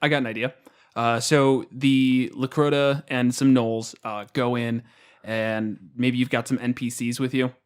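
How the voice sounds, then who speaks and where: Podcast co-host, man, casual and rambling, mid-pitched voice, talks through rules aloud. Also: little pitch movement, measured pace, clean tone. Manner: rambling, many fillers and restarts. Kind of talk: casual tabletop game chat.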